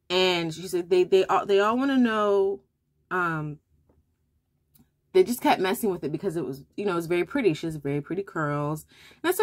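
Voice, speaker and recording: A young mother speaks to her viewers in a relaxed get-ready-with-me vlog, her voice sitting a little on the low side. She tells a personal story in a loose, conversational way, with fillers and restarts along the way. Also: fairly quick. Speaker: homeschooling mother and vlogger.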